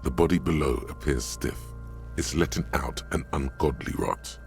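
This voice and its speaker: Game narrator: a rumbling bass voice, grave and unhurried. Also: male voice, a little mellow, faint music behind. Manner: slow, grave, vivid descriptions. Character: ominous male narrator inside the hero's head.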